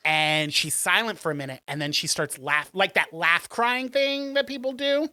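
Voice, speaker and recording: A man with a bright, forward tone co-hosts a podcast, retelling a film's plot in a loose, rambling way. He fills his talk with ums and restarts and slips into short acted-out quotes. The sound is close and dry. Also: a little high, measured pace, hardly any pauses, clean tone, no room sound. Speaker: podcast co-host. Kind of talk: casual chat, retelling a film plot.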